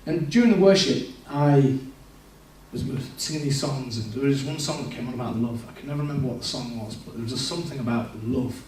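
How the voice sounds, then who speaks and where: A man with a mid-range, darkish voice speaks fairly quickly, with a little hiss or hum on the recording. Captured by a distant mic in a big, echoing church hall, he offers a frank personal testimony, quoting himself as he was back then.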